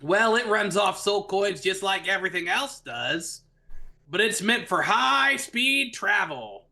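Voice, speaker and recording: A man voicing an eager male mechanic who boasts about his loud machines. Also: high voice, slow pace, voice pushed up, full character voice. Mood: matter-of-fact. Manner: excitable, boastful.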